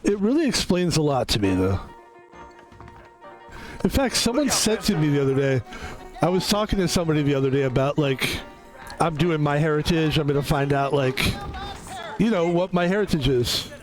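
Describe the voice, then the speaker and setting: A young man streaming a video game, chatting casually in an excitable, rambling way and laughing often. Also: on the high side, normal speed, pauses often, faint music behind, rough recording. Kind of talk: casual live-stream chat.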